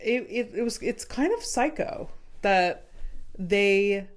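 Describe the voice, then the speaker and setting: A woman's voice: mid-range voice, expressive, takes it slowly. A young woman co-hosting a podcast in casual chat, talking things through and laughing often. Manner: chatty, laughs often, acts out movie scenes. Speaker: podcast co-host.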